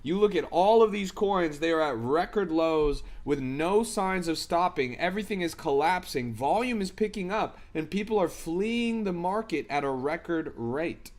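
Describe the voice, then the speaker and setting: Man, slightly high voice, crypto stream host, hyped, slangy, casual live commentary. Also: animated, normal speed, hardly any pauses. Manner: hyped, slangy, talks to chat.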